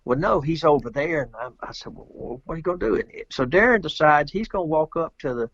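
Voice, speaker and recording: A middle-aged man from Georgia, telling a rambling, animated story as a guest in a casual interview. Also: fairly high pitch, fast talker, dry recording, highs cut off. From Georgia, USA. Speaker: guest, pro pool player.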